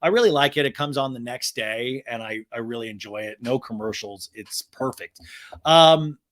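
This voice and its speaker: A young adult man hosting a podcast, recapping a reality TV episode in casual comedic style and quoting the cast in quick voices. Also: medium pitch. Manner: animated, quotes cast members in quick acted snippets.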